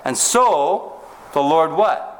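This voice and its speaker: A man preaching a sermon, reading scripture aloud slowly and stopping often to ask his listeners rhetorical questions. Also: a little high, expressive. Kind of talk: sermon, Bible teaching.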